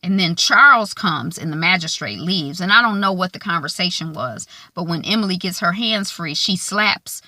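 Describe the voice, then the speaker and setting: Chatty woman recapping with bright tone. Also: lowish voice, lively intonation, moderate pace, few pauses, no echo, studio quality. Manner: chatty, lots of um fillers, acts out quotes. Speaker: recap vlogger. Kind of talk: casual episode recap.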